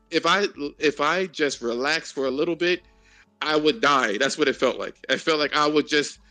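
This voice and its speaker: A man's voice: a little high, sharp tone, no echo. Profane, frank man in dry voice chat. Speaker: host of an online voice chat. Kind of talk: casual group voice chat.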